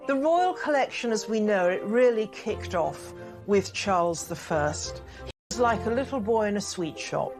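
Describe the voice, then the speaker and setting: A woman's voice: medium pitch, expressive, normal speed. A woman speaking enthusiastically and vividly in a documentary interview. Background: music.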